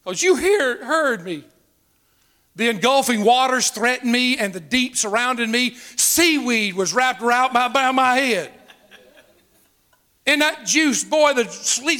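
A man preaching a folksy, animated sermon, often repeating words and laughing. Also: very high voice, measured pace.

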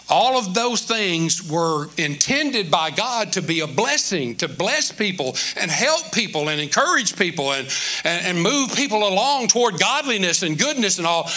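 A man's voice: sits high, pushed and bright. A male pastor preaching a sermon in a church, telling the story animatedly with many repetitions and restarts.

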